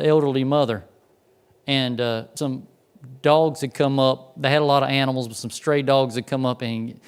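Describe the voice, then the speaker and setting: A man's voice: medium pitch, smooth. A pastor preaching a sermon in a conversational way, often repeating words as he tells stories.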